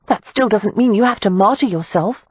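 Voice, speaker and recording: A woman's voice: medium pitch, moderate pace, breathy edge, dry recording, voice pushed up, natural voice. A woman voicing a frank, outspoken young woman who talks in a blunt, exasperated way in an audiobook. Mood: glum teasing.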